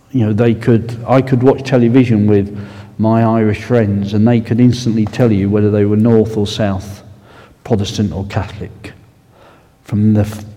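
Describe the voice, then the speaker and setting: A man with an Essex accent preaching a sermon in a church hall, unhurried and conversational with asides. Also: fairly low pitch, warm tone. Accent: Essex English. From Essex, England. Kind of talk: sermon with prayer. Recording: long reverb in a large hall.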